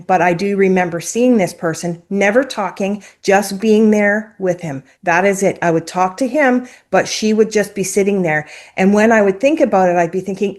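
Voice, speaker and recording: Emotional woman recounting a personal story. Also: mid-range voice. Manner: emotional, tearful at times, apologetic; conversational, uses fillers like "like" and "um". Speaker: interview guest.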